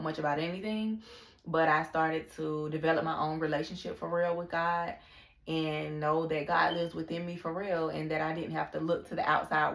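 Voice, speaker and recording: A woman's voice: sits low, creaky, a bit bright, reverberant. A young woman talking candidly in a casual personal vlog, confiding and full of slang and fillers. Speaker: vlogger.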